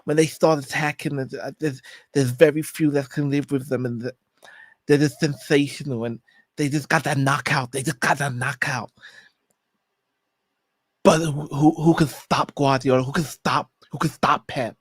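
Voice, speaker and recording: A man doing an impression of a famous boxer, repeating himself in halting, effusive praise. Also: medium pitch, steady tone, dry recording, natural voice. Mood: gushing. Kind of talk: impression during casual chat.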